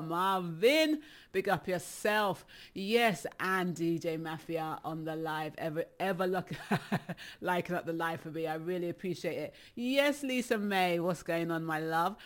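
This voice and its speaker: A middle-aged DJ hosting a live stream, chatty and slightly out of breath, laughing often between shout-outs. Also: mid-range voice. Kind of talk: casual livestream shout-outs.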